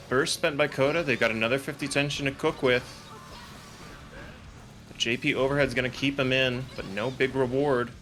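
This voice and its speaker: A man commentating an online fighting game tournament, calling moves quickly and joking between plays. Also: medium pitch, a little hiss or hum. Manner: excitable, joking, rapid technical call-outs. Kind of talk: esports play-by-play commentary. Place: home setup, online broadcast.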